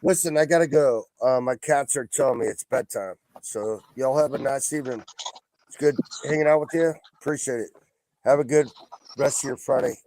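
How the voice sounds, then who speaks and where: A man's voice: mid-range voice, moderate pace, darkish tone, a little hiss or hum, low-quality recording. A man chatting as a guest on a live stream, folksy and casual, swearing freely. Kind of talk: casual chat.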